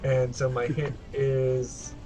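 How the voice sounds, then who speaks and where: Dude playing his character in a tabletop game, a bit playful, soft music behind. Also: medium pitch, completely flat delivery, slow pace. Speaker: player.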